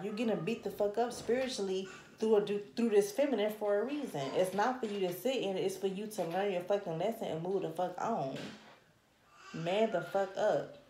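Woman doing a tarot reading, swearing a lot and scolding, echoey room, average pitch. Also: warm tone, a little hiss or hum. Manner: blunt, profane, scolding. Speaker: tarot reader. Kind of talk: casual tarot reading to camera.

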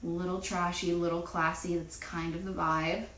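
A woman's voice: on the low side, level tone, moderate pace, a bit bright, slight background noise. Rambling woman in a roomy space. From New Jersey. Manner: rambling, filler-heavy, swears freely. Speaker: singer. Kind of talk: casual chat on a livestream.

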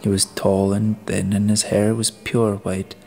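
A man narrating an audiobook in a deliberate way, now and then restarting a phrase. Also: fairly low pitch, flat delivery, vocal fry, a little mellow. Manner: deliberate reading with occasional restarts. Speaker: audiobook reader.

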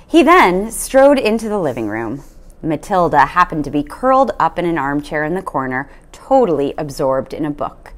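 A woman reading a children's novel aloud, with an expressive storytelling manner. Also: low-pitched, normal speed. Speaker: storybook reader.

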